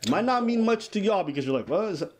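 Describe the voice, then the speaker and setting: A man's voice: high-pitched, very animated, racing, a little mellow. A man hosting a podcast, giving emphatic casual commentary on a legal case. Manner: emphatic, reads quotes aloud in dramatized voices. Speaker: podcast host.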